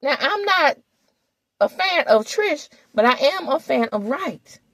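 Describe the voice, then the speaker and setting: Sassy, lively woman gossip host. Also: high-pitched, measured pace, dry recording. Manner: sassy, animated, talks straight to viewers. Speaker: gossip commentator. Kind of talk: casual reality TV recap.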